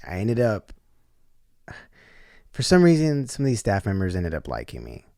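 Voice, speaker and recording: A low-voiced man tells a story on a podcast, blunt and unfiltered, swearing freely and filling his sentences with "like". The sound is very dry and close, with no room echo. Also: wildly swooping pitch, normal speed, gravelly, a little mellow. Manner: blunt, profane, heavy use of "like". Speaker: podcast guest. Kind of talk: casual storytelling.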